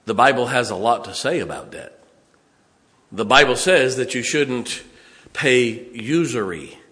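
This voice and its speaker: A man's voice: medium pitch, fairly bright tone, long reverb tail. A male pastor preaching a sermon, reading scripture aloud and adding emphatic asides to his congregation.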